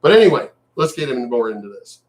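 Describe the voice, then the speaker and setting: A man in a profane, mocking political rant, repeating himself and shouting mock cheers. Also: medium pitch, sing-song, fast. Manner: angry, profane, repetitive, mocking. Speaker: video commentator.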